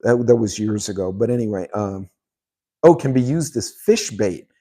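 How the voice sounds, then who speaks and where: A man's voice: fairly low pitch, expressive, normal speed, dark tone. A middle-aged man hosting his channel, casually reading viewer comments and telling a rambling story, with many ums and frequent laughs. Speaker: channel host.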